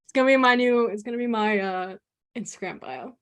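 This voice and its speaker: A woman with a Chicago accent, chatting in a lively, laughing way as a podcast host. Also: fairly high pitch, brisk. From Chicago area, USA. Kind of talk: casual interview chat.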